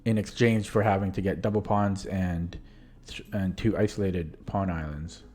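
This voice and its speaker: A man's voice: low voice, fairly even intonation, normal speed, darkish tone. A young man who is losing his voice, talking casually through his own chess tournament games on a live stream. He rambles, stops to correct himself and lets sentences trail off.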